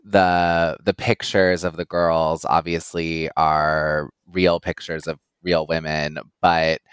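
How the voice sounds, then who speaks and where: A man talking in a casual podcast chat, slow and halting with fillers. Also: rumbling low, level tone, clear, resonant tone, no echo.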